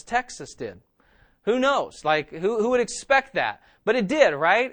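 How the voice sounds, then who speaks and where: A man's voice: sits high, fairly bright tone. Man preaching with a conversational, repeating style. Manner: conversational preaching, repeats phrases for emphasis, asks "okay?" and "right?". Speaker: pastor. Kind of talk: sermon.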